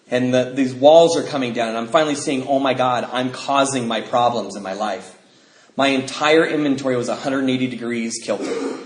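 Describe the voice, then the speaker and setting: A middle-aged man giving a personal recovery talk at a convention, an animated, jokey storyteller who acts out what people said. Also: medium pitch. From United States. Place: convention hall. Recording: roomy hall recording.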